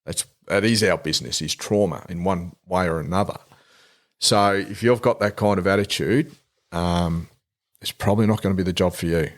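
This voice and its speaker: Australian sergeant, lowish voice, earnest and frank, loose conversational delivery. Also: male voice, normal speed. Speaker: police sergeant. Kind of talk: casual podcast chat.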